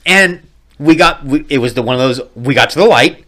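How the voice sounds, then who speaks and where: A man's voice: mid-range voice, brisk, sharp tone. A man in his thirties, a podcast co-host, telling a profane story in casual chat with lots of laughter. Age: 30s.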